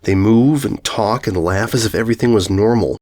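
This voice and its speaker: A man narrating a first-person ghost story aloud, in a brooding, unhurried, musing way. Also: on the low side, a little mellow. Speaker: audiobook narrator.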